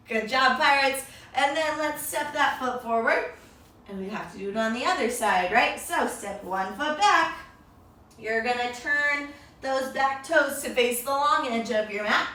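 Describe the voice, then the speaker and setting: Upbeat high-voiced woman in an echoey room. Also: pushed and bright, far from the mic. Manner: upbeat, encouraging, talks to kids as friends. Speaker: kids yoga instructor. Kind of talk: guided yoga for children.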